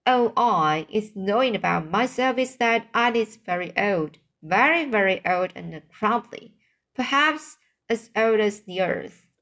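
Woman reader voicing a slow, earnest old giant, storybook read-aloud. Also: medium pitch, lively intonation, a bit bright. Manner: halting read-aloud, stumbles over words. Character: huge old kindly male giant, muddled speech.

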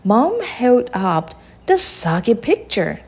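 A woman hosting a podcast, reading a children's picture book aloud in a slow, expressive way. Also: on the high side, husky. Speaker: podcast host and storybook reader.

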